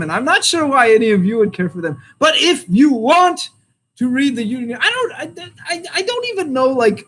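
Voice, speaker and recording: A man's voice: high-pitched, a bit bright, rough recording. An American man with a rambling, opinionated manner, chatting casually while reviewing comics and laughing often.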